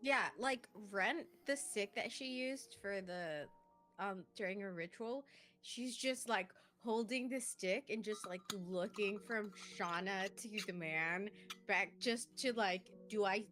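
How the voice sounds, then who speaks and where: Chatty bright-voiced woman player. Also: mid-range voice, slow pace, faint music behind. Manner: giggly, chatty. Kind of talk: casual chat.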